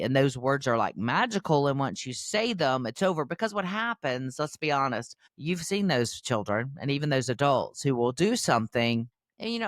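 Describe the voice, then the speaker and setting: A woman's voice: a bass voice, no echo, studio quality. An older woman hosting a parenting podcast, giving earnest, instructive advice in a conversational way. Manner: earnest, warmly instructive, acts out quoted voices.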